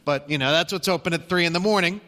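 A middle-aged male pastor preaching a story in a church, with a bright, forceful tone and a fairly high voice. He talks conversationally and restarts often. A long reverb from the sanctuary trails every line. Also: quick pace. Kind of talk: sermon storytelling.

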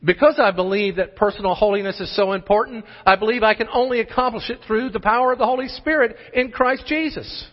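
A man's voice: high voice, quick pace, few pauses. A man preaching a sermon as pastor, emphatic and full of rhetorical questions. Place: church sanctuary. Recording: muffled sermon audio in a large hall.

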